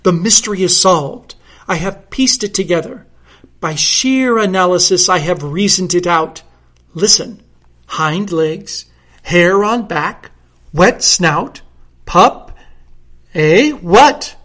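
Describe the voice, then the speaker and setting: A man's voice: high voice, takes it slowly, fairly bright tone, exaggerated voice. A reader voicing a pompous, self-assured great detective who declares his reasoning in a grandiose, declamatory way. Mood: excited.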